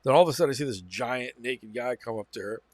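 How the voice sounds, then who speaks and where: A man's voice: medium pitch, fast talker, darkish tone. A man with a mid-range voice recounts a personal experience straight to camera, casual and meandering, circling back and restarting his sentences. The sound is dry, with no room echo around him. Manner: rambling, repeats phrases, self-corrects. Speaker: channel host. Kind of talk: casual first-person storytelling.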